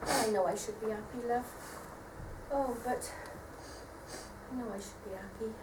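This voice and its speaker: Woman acting weary tearful mum, soft hesitant speech, echoey theatre heard from afar. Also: a little high, normal speed, natural voice. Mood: despairing. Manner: soft, hesitant, self-deprecating. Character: weary depressed mother, tearful and self-doubting. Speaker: amateur stage actor. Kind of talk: live stage drama. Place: theatre stage. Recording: echoey theatre stage from far off, faint noise.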